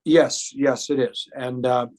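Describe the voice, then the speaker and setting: A man's voice: mid-range voice, steady tone, slow, a little mellow. A man, a singer and impressionist, telling stories in a casual interview with many fillers and restarts.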